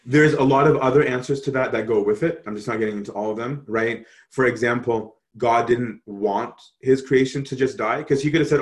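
Animated man explaining theology casually. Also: mid-range voice, brisk, few pauses. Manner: animated, conversational, frequent "right?" tag questions. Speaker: Christian teacher answering questions.

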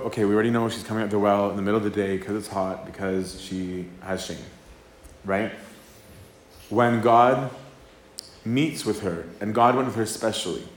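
A man, a priest, giving an informal talk that is conversational, tagging "right?" onto his points and acting out the quotes. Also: lowish voice. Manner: conversational, keeps asking "right?", acts out quotes. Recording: echoey room with faint ambience.

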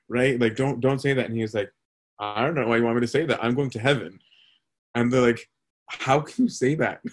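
A male priest giving a casual, conversational sermon, telling stories and asking "right?" along the way. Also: mid-range voice. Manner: casual storytelling with many fillers and "right?".

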